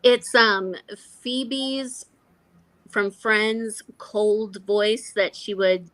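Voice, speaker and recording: A woman's voice: medium pitch, steady tone, fairly bright tone, no echo. Playful woman co-host. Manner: playful, quick quips. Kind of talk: casual livestream chat.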